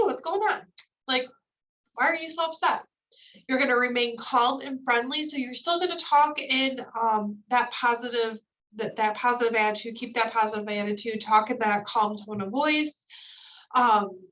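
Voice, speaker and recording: A woman's voice: fairly high pitch, a bit bright, recorded from a distance, dull audio. A woman trainer going through slides in a recorded training lecture, explaining each point with casual fillers.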